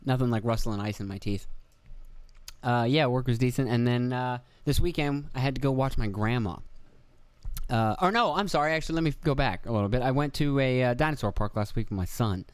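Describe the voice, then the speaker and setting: A man's voice: medium pitch, brisk, clean tone, no echo. A young man hosting a casual solo podcast, rambling and swearing, laughing at himself and acting out quoted voices. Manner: rambling, profane, self-deprecating, acts out quotes. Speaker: podcast host. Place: indoor room with video camera.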